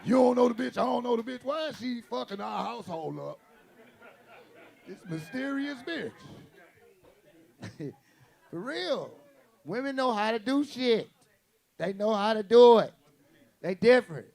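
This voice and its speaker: A man performing stand-up comedy in a high, gravelly voice. His delivery is brash and profane, full of quick punchy lines and acted-out quotes. Audience laughter rises behind him. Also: expressive, darkish tone.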